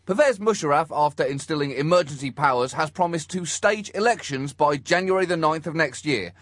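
A man's voice: on the high side, fairly quick, fairly bright tone, no echo. A man co-hosting a comedy podcast, riffing with wry, mock-indignant satire.

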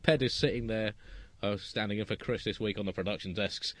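A man co-hosting a satirical comedy podcast, delivering puns in a deadpan way and chuckling at his own jokes. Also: lowish voice, brisk, no room sound. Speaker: co-host.

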